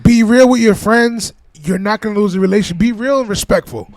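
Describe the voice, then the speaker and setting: A man's voice: high voice, brisk, darkish tone, dry recording. A man co-hosting a podcast, chatting casually, joking around and laughing, then giving earnest advice. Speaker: podcast co-host. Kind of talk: casual chat.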